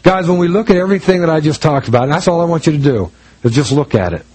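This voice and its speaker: Conversational preacher telling a story. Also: male voice, fairly high pitch, animated, fast, a little mellow, breathy edge, rough recording. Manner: conversational storytelling with many restarts; acts out quoted voices in dialogue. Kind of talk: sermon with personal story.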